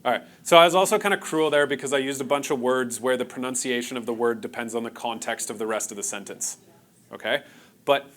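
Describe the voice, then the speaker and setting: A man talks through a conference workshop in an easy, conversational way, throwing in jokes for the audience. His voice sits in an ordinary middle pitch. He is speaking live in front of a seated crowd in a meeting room. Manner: casual, engaging, jokes with the audience. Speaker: optometrist presenting a workshop.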